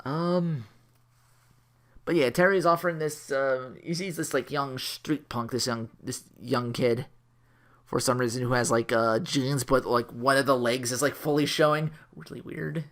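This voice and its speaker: A man's voice: medium pitch, steady tone, unhurried, fairly bright tone. A man giving a casual, rambling, jokey anime review, correcting himself and laughing as he goes.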